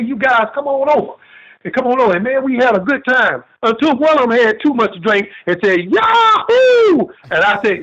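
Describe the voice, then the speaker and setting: A man's voice: sits high, fairly bright tone. Male caller, folksy storyteller, repeats himself, muffled phone audio. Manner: folksy, repetitive, tells long funny anecdotes. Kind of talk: rambling call-in storytelling.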